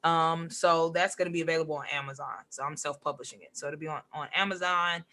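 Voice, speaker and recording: Bright, animated woman guest. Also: deep voice, fast. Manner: animated, says "like" a lot, acts out quotes. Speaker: podcast guest, comic writer and poet. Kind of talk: casual chat.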